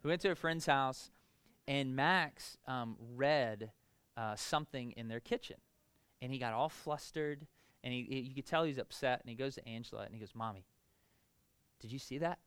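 A man in his thirties preaching a conversational sermon to a congregation, animated and asking "right?" often. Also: mid-range voice, moderate pace, smooth, no room sound. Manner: casual, animated, frequent rhetorical "right?". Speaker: pastor. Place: church in front of a congregation.

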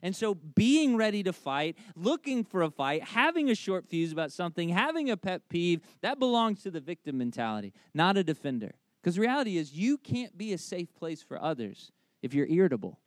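A man in his thirties preaching in a loose, chatty way, stressing points by repeating them and slipping in lots of "like." His voice sits a bit on the high side. The sound is close and dry. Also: sing-song, normal speed, no echo. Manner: conversational, with humorous family anecdotes and frequent "like"; emphatic, repeating key phrases. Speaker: pastor. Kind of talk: sermon.

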